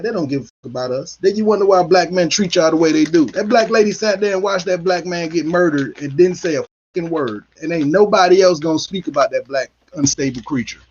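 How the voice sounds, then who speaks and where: Male host, high husky voice, furious profane rant, dull lo-fi audio. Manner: angry, profane ranting. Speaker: political commentary host. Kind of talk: heated solo commentary.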